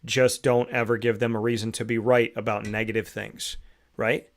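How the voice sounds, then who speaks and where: A man's voice: on the low side, level tone, normal speed, vocal fry. A man hosting a show, giving a reflective motivational monologue full of rhetorical questions. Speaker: show host.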